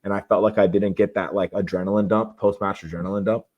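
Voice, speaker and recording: A man's voice: lowish voice, fairly even intonation, quick pace, highs cut off. A young man as a podcast guest, talking candidly and casually about how he prepares for competition, with rambling restarts. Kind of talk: casual interview talk.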